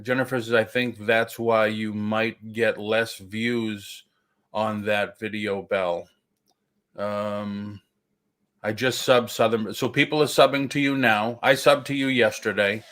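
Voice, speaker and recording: Low-voiced man hosting a casual livestream. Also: steady tone, fairly bright tone. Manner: halting, many fillers and restarts. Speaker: livestream host.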